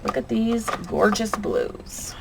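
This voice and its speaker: A woman with a gravelly, mid-range voice hosts a crafting vlog, speaking slowly but with lots of animation. She chats casually and hums and mutters to herself as she works. Background noise is noticeable in the recording.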